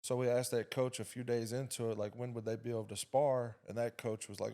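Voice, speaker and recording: A man's voice: medium pitch, flat delivery, brisk, few pauses, mellow. A middle-aged man, a guest on a podcast, telling a story in a laid-back way with lots of "uh" fillers. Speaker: guest, boxer's father. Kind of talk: casual interview.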